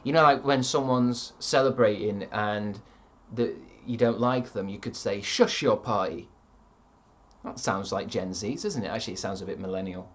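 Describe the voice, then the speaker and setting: Deadpan man streamer. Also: lowish voice, normal speed, few pauses. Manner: deadpan, sardonic, swearing often. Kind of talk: casual chat reading viewer comments.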